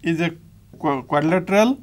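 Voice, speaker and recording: A man's voice: fairly high pitch, lively intonation, fairly quick. A man with an Indian English accent, teaching a maths lesson step by step while writing on a board.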